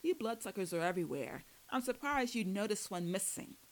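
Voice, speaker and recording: A woman voicing a wisecracking man who mocks his armed captors in a slow drawl. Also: medium pitch, expressive, close to an everyday voice, rough recording. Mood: mocking.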